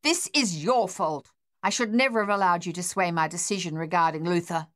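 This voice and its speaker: A woman voicing a harsh, furious, domineering older husband who shouts and blusters, in an audiobook. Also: high voice, moderate pace.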